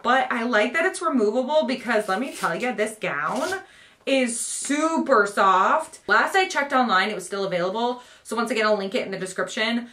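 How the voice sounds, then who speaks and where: A woman's voice: mid-range voice, pushed and bright. A young woman, talking to camera in a casual home vlog, bubbly and gushing with frequent laughs. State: pregnant. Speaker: vlogger showing a baby haul.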